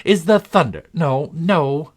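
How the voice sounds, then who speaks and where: A man's voice: fairly high pitch, slow pace, voice pushed up. Alice: a man doing an eager, earnest young girl.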